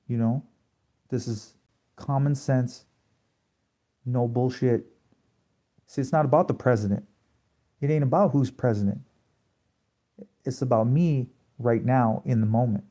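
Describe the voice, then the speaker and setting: A man livestreams a late-night rant from home, preachy and confrontational, full of rhetorical questions and free swearing. He speaks a little slowly in a warm, medium-pitched voice, pausing often.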